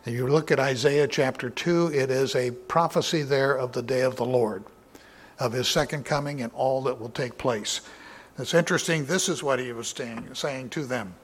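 A man teaching from the Bible in a sermon, reading passages with lifted emphasis and then explaining them plainly. He talks in an unpolished, conversational way, with fillers and restarts, and clears his throat now and then. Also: medium pitch, moderate pace. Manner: reads scripture aloud with raised emphasis, then explains casually with fillers.

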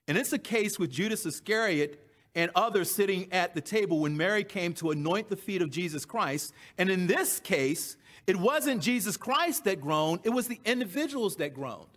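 Male preacher, high-pitched, emphatic sermon delivery with repeated phrases. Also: fairly bright tone. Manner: emphatic, repeats key phrases for stress, reads scripture aloud.

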